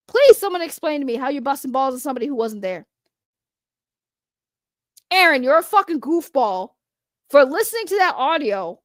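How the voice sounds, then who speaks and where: A woman's voice: high-pitched, big pitch swings, normal speed, long pauses, no room sound, clean studio sound. A woman giving heated, profane reaction commentary as a vlogger, repeating her angry points. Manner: heated, profane, repetitive ranting.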